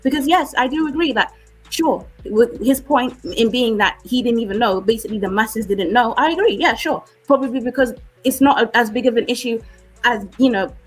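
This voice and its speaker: A woman with a British accent, arguing forcefully on a live-stream debate and often asking "okay?". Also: a little high, a little fast, faint music behind, poor audio. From United Kingdom.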